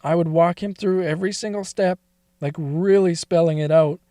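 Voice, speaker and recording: A man with a notably high voice reads a first-person story aloud, his delivery confessional and wavering with emotion. The sound is dry and close, with almost no room around it. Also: steady tone, moderate pace, warm tone, no echo. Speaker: narrator.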